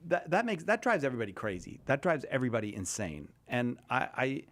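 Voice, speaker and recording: A man's voice: mid-range voice, wildly swooping pitch, quick pace. A man hosting a radio talk show, chatting casually with a panel and thinking aloud with lots of restarts.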